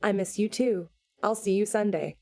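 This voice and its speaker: A woman reading an audiobook voices a calm, reserved young man who answers briefly. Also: mid-range voice, normal speed, natural voice. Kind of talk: audiobook character voice.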